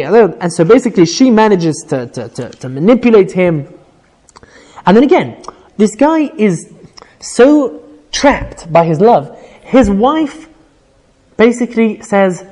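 A man with a fairly high voice teaches an informal Bible class. He retells the story with lively energy, reads out Hebrew verses and then paraphrases them in plain English. He keeps checking in with his listeners with a quick "right?".

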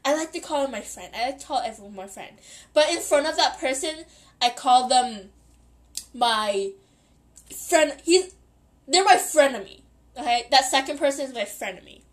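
A podcast host in her twenties tells a story at normal speed, her high voice full of lively intonation. She rambles and giggles, often correcting herself as she goes.

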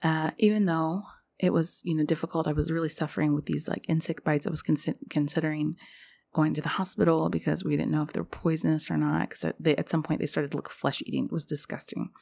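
A woman's voice: sits low, steady tone, fast talker, gravelly, dark tone. A young woman hosting a podcast, talking in a rambling, confessional way with lots of fillers. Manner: rambling, confessional, heavy use of "like". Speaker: podcast host. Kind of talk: casual spiritual podcast monologue.

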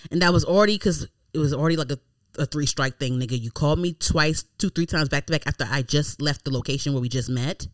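Woman, 30s, podcast host, animated exasperated storytelling, dry close sound. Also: low-pitched, fast, dry recording. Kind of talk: casual chat.

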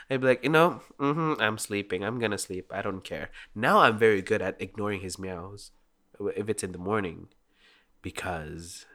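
A man's voice: fairly low pitch, fairly bright tone. A young man chatting casually and rambling, with lots of "like" and frequent laughter. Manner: rambling, heavy use of "like", laughs often.

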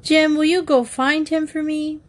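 A woman's voice: high voice, little pitch movement, a little slow, voice pushed up. A woman voicing a fretful young boy who pleads insistently. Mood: pleading.

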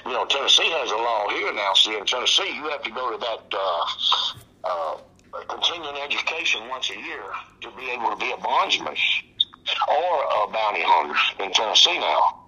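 A man's voice: medium pitch, very animated, moderate pace, sharp tone, breathy edge, highs cut off. A man, a bounty hunter telling his stories in a casual interview, with a colloquial way of talking. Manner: colloquial storyteller who acts out quoted voices.

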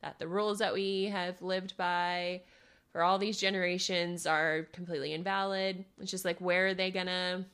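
A woman's voice: on the low side, little pitch movement, normal speed, a bit bright, clear, resonant tone. A young woman co-hosting a casual political chat podcast, with a dry, sarcastic sense of humor.

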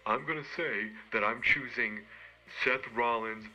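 A man co-hosting a podcast, giving a rambling, self-mocking comedic monologue of wrestling picks with halting restarts. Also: mid-range voice, sharp tone, lo-fi sound.

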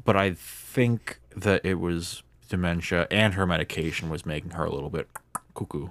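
A young man tells a story in a relaxed, rambling way, often amused. His voice sits very low. The sound is dry and close. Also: moderate pace, no room sound. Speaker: storyteller in a casual chat. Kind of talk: casual chat.

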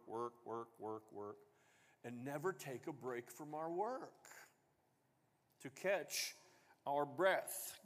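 A man's voice: mid-range voice, long reverb tail. A man preaching a sermon as pastor, talking conversationally and asking the congregation questions. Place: church sanctuary.

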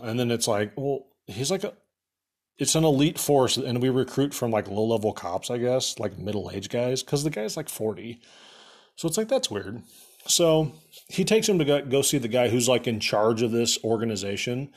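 A man's voice: medium pitch, normal speed, darkish tone. A young man casually recapping a movie for laughs, rambling with lots of fillers and sarcastic asides.

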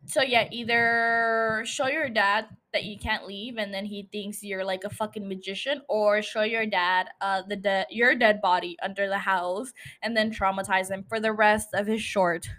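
A woman's voice: medium pitch, bright, forceful tone. A young woman hosting a casual solo podcast, rambling, swearing freely and laughing at herself. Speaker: podcast host.

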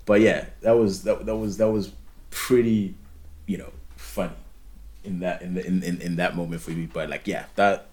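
A man's voice: low-pitched, steady tone, moderate pace, darkish tone. A man co-hosting a podcast in casual chat, rambling and repeating words as he restarts his thoughts. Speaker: podcast co-host.

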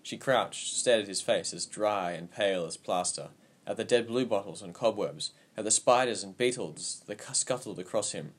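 A man narrating a story aloud in a steady, even storytelling manner. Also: fairly low pitch, moderate pace, hardly any pauses. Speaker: audiobook narrator. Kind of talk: scripted narration.

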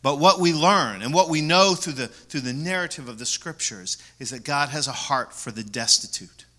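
A man preaching a sermon as pastor, repeating key words for emphasis and moving between loud stresses and soft asides. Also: fairly high pitch, expressive, moderate pace.

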